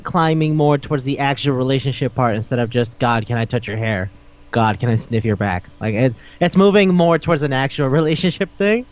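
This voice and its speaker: A man's voice: on the high side, smooth, lo-fi sound. A man hosting a podcast in casual chat, rambling through a recap, swearing often and laughing as he talks. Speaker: podcast host.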